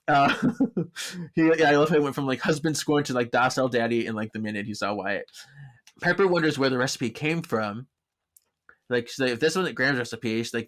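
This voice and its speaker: A man hosting a podcast, casually recapping a story with frequent laughter and quick acted-out lines of dialogue. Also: medium pitch, a bit bright. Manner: chatty, laughs often, acts out characters' lines in quick bursts. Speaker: podcast host.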